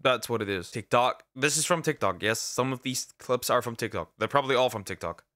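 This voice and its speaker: A man's voice: mid-range voice, brisk, sharp tone, dry recording, studio quality. A man giving casual reaction commentary, rambling, repeating himself and restarting his sentences often. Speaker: reaction streamer.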